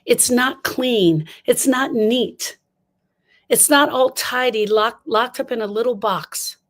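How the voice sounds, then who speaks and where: A woman's voice: fairly high pitch, slow pace. An older woman giving an impassioned talk on grief, emphatic and repeating lines for stress as she speaks straight to her listeners.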